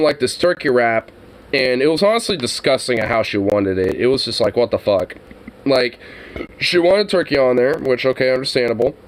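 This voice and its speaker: A young man telling a story casually, rambling and swearing constantly. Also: mid-range voice. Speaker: streamer.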